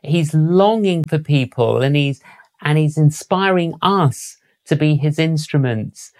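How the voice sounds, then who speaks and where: A man hosting an interview and asking measured, deliberate questions. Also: a little high, a little mellow. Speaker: interview host.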